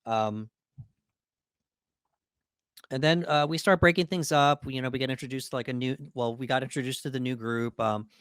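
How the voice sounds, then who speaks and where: A man's voice: mid-range voice, moderate pace, long pauses, a bit bright, smooth, no room sound, clean studio sound. A man co-hosting a podcast, talking through a movie in a loose, rambling way with plenty of fillers and restarts. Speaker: podcast co-host. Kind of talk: casual film discussion.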